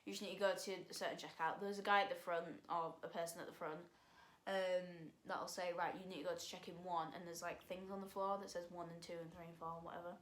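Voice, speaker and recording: A teenage girl telling a story to camera in a loose, chatty vlog, piling up fillers and sighs as she rambles on. Her voice sits a little low for her age, and the room around her rings with a roomy echo. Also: level tone, quick pace. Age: teens. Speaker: vlogger.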